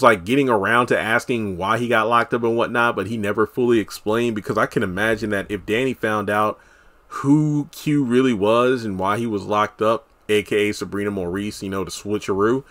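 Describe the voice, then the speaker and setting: A man casually recapping a TV episode as a solo reviewer, chatty and animated, acting out characters' lines. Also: on the low side, fairly quick. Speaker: TV show reviewer.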